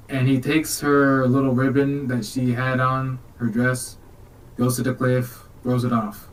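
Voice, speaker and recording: A man co-hosting a podcast, retelling a movie in an animated, joking way. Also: medium pitch, distant mic, poor audio. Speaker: podcast co-host. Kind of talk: casual chat reviewing a movie.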